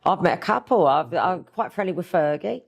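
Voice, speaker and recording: A middle-aged woman with an East London accent, appearing as a guest author, tells stories in a casual interview. Her lowish voice is expressive and creaky at a normal pace, and she's blunt, chatty, and swears freely.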